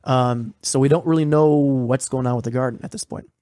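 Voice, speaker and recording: A man co-hosting a podcast recaps a horror series in loose, rambling talk, swearing freely and leaning on fillers. His voice sits at an ordinary middle pitch. The recording is dry and close, with no room echo. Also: fairly even intonation, fairly quick, mellow. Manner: profane, rambling, filler-heavy. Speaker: podcast co-host.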